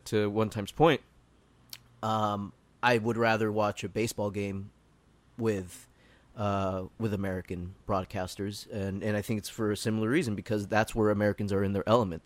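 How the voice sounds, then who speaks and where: A man in casual podcast chat, laying out his views in a measured, reflective way. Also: on the low side, steady tone, no echo. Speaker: podcast co-host.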